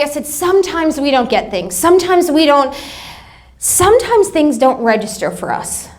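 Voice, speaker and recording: A woman pastor giving a sermon, telling humorous family stories in a chatty way. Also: sits high. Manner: chatty, humorous anecdotes with acted-out quotes. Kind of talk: sermon storytelling.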